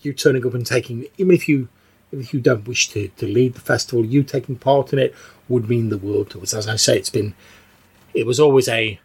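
A man's voice: mid-range voice, a little fast, husky. A man voicing a frail, fussy old female churchgoer who stammers and repeats words, out of breath. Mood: eager.

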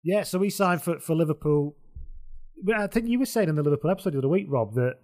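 A man hosting a casual football podcast, chatty and quick to laugh, steering the conversation. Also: on the high side, expressive, darkish tone. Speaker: podcast host.

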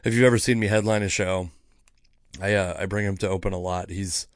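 A man's voice: deep voice, fairly even intonation, a little fast, no echo, clean studio sound. Profane man telling a comedy story. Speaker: podcast host, comedian. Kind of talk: casual storytelling.

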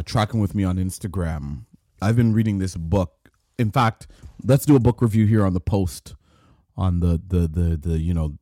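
A man's voice: sits low, mellow, no echo, studio quality. A man hosting a solo podcast, talking in a loose, rambling way that keeps restarting and repeating words. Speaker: podcast host. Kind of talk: casual solo podcast talk.

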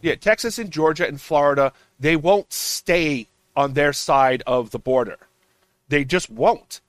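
A man's voice: a little high, a little slow, dry recording. A man on a political podcast panel, ranting emphatically and swearing as he argues. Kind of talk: heated political roundtable talk.

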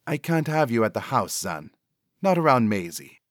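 A man's voice: medium pitch, sing-song, normal speed, dry recording, studio quality, close to an everyday voice. A man reading a story aloud, voicing a worried young woman who talks earnestly to her cousin.

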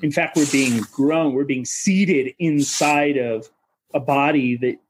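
A man's voice: mid-range voice, slow pace, poor audio. A man from Minnesota, a coach of coaches, talking as a podcast guest in a searching, philosophical way and swearing casually. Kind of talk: reflective podcast conversation.

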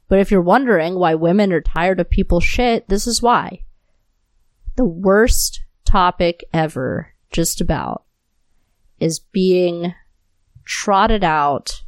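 A woman's voice: fairly low pitch, no echo. A woman hosting her solo podcast, talking straight into her new mic, angry and impassioned, swearing often. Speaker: podcast host.

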